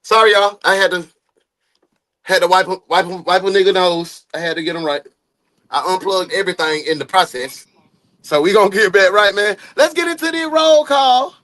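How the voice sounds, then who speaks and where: A man whose voice sits unusually high for a man hosts a live stream in casual chat. He is loud and jokey and swears freely as he talks to his viewers. He sounds like a young adult. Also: lively intonation, normal speed, long pauses. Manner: loud, joking and profane.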